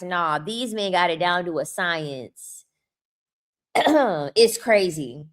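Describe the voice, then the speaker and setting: A woman's voice: mid-range voice, expressive, takes it slowly. A young woman vlogging a blunt, profane, mocking rant to the camera. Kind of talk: ranting commentary.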